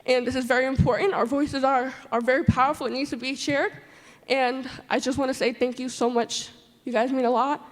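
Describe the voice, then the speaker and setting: A young woman in her twenties speaks from the audience at a conference, her voice high and heartfelt. She often repeats her words as she talks. The sound carries a long reverb from a large hall. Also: fairly even intonation, a little fast. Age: 20s. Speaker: audience member. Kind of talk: emotional public comment.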